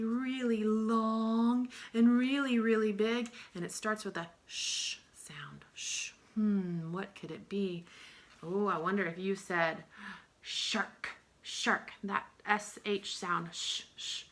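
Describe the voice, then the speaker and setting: Woman, young-adult teacher of early learners; bright tone, sing-song delivery with drawn-out sounds. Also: a little high. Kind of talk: early-years lesson.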